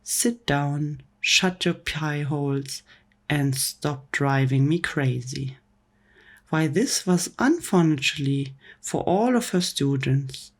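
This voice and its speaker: A woman reading a comic book story aloud in a soft, gentle whispered role-play for bedtime. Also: low voice, slow pace. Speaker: ASMR storyteller.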